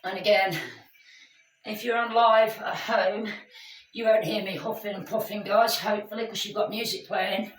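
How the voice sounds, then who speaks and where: A woman's voice: mid-range voice, little pitch movement, normal speed, slight background noise. A woman leading a live workout class, chatty and encouraging as she calls out exercises to her group. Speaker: fitness instructor. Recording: echoey room, mic at a distance.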